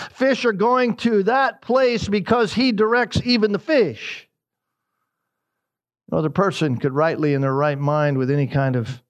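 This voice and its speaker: A man preaching a sermon in an expressive way, dropping his voice low and slow for emphasis.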